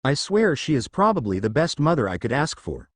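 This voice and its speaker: A man reading a first-person fan fiction audiobook in a lively, expressive way. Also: mid-range voice, fairly quick, no room sound, studio quality.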